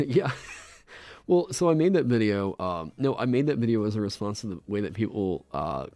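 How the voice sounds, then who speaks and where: A man with a low voice talks loosely and rambles on a live stream, swinging his pitch up and down. He laughs often and swears freely. The sound is close and dry, with faint music underneath. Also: very animated, normal speed, mellow, no room sound. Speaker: streamer designing a game class. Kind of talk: casual live-stream chat. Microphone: desk microphone.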